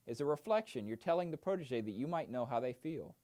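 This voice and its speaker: A man giving an instructional talk on mentoring techniques, explaining steps clearly with frequent "uh" fillers. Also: mid-range voice, expressive, brisk, a little mellow. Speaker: mentor trainer. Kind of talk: instructional narration.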